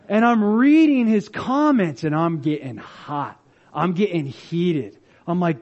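A man's voice: high voice, lively intonation, normal speed, a little mellow, lo-fi sound. A man preaching a sermon as pastor, telling stories animatedly and acting out the voices of the people he quotes.

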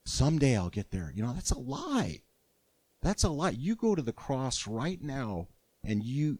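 An older man preaching a sermon as pastor, earnest and animated, with frequent restarts. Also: medium pitch, no room sound.

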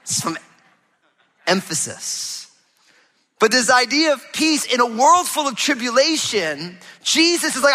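High, bright preacher in a reverberant hall. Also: male voice, measured pace. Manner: animated preaching, swinging between loud emphasis and hushed low passages. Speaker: pastor. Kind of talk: sermon.

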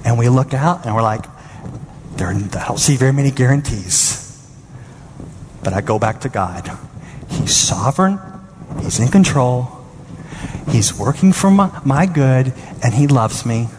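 Animated preacher man in an echoing hall. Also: a little slow, long pauses, background noise. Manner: animated, acts out his own panic in high exclaims. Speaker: pastor. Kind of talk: sermon. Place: church sanctuary. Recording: reverberant hall with faint ambience.

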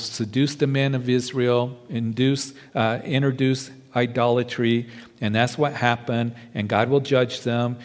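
Male pastor, medium pitch, preaching in a reverberant hall; reads verses, then explains them with some hesitations. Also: darkish tone. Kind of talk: sermon.

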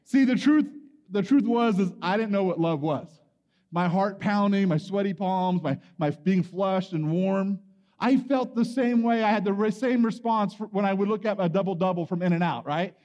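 A man with a fairly high voice preaches to a young crowd, telling his story with lively acted-out bits and sudden shouts. His voice rings through a big, echoing hall, and the sound is a little dull. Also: normal speed. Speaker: camp speaker. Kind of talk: youth sermon with personal story.

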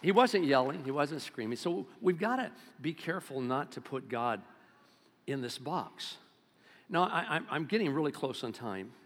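A man in his seventies preaching a sermon as pastor, swinging between loud exclamations and hushed low-key talk. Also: lively intonation, normal speed. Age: 70s. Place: church sanctuary. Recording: long reverb of a church hall.

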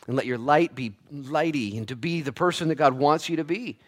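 A man preaching in a church, his mid-range voice climbing and pushing louder as he rallies the congregation, then dropping low for quiet asides. His delivery is lively and casual, with playful humor. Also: a little fast, hardly any pauses. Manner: animated preaching, swings from loud to hushed, playful asides. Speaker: pastor. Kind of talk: sermon.

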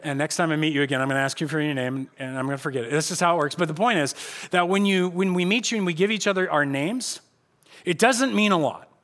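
A pastor giving a casual, conversational sermon in a church, animated and shifting between loud emphasis and quiet asides. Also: male voice, on the high side. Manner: casual, conversational preaching with slang.

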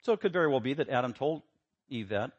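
A man preaching a sermon, emphatic, building to loud rhetorical questions. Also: mid-range voice, expressive, quick pace, husky, highs cut off. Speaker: pastor.

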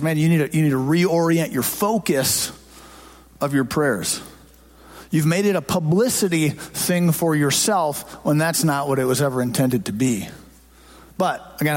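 Male pastor, high-pitched voice, conversational sermon, handheld mic in church. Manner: conversational, jokes with the congregation. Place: church sanctuary before a congregation. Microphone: handheld microphone.

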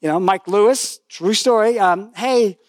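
Older male preacher, high-pitched and chatty, dry close-miked sound, storytelling sermon with humor. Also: moderate pace, dry recording. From lived in New Zealand for decades.

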